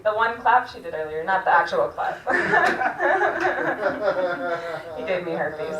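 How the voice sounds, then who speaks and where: A woman's voice: a little high, very slow, long pauses, very noisy. Woman comic doing stand-up, echoey room. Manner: deadpan, laughing at her own jokes. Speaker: stand-up comedian. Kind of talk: stand-up set at an open mic. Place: back room of a restaurant. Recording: echoey room, far mic.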